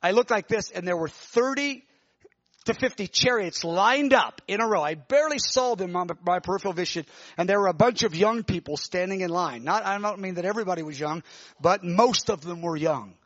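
High-pitched preacher guy telling his vision, all worked up, dull dry sound. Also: a little fast, no room sound. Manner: animated, emotional storytelling with many restarts. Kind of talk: sermon testimony, telling a vision.

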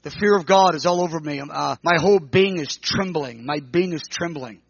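Fervent high-voiced preacher man. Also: brisk, vocal fry, no room sound, dull audio. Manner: fervent, swinging from hushed to crying out. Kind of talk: sermon. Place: room with a gathered audience.

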